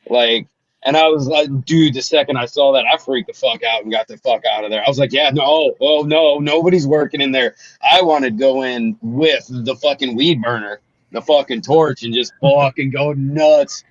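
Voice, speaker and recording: A man's voice: medium pitch, moderate pace, no room sound, muffled recording. A man in casual chat, telling a blunt story full of swearing. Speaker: podcast panelist.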